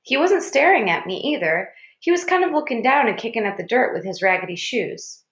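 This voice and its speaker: A woman narrating a children's novel in a measured storytelling voice. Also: fairly high pitch, lively intonation, a bit bright. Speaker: audiobook reader. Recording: roomy echo.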